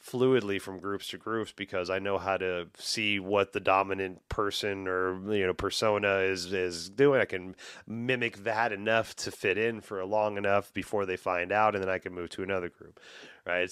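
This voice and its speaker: Guy with a lowish voice, swears a lot, loose chatty storytelling, dry close sound. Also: moderate pace, clear, resonant tone, no echo. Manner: profane, animated storytelling. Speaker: podcast host. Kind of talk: casual conversation.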